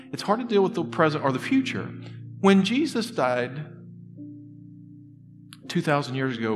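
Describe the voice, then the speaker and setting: A man preaching a sermon as a pastor, talking conversationally and earnestly, moving between soft, confiding stretches and loud, emphatic bursts. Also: a little high. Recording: long reverb in a hall with music underneath.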